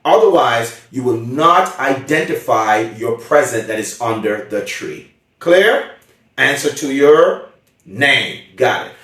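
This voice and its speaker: Emphatic man speaking in an echoey room. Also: a little high. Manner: emphatic, checks in with the audience often. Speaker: motivational speaker. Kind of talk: seminar talk. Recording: very echoey room, far from mic.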